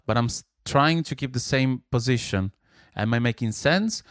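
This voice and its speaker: A man's voice: medium pitch, moderate pace, a bit bright, dry recording, clean studio sound. A man teaching singing, explaining and demonstrating exercises with sung syllables. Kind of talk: vocal lesson with sung exercises.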